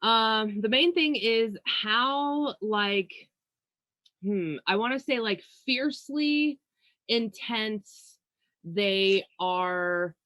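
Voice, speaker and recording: A woman's voice: a little high, very slow, fairly bright tone, dry recording. A young woman co-hosting a podcast, chatting casually about astrology, laid-back, swearing and laughing freely. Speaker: podcast co-host.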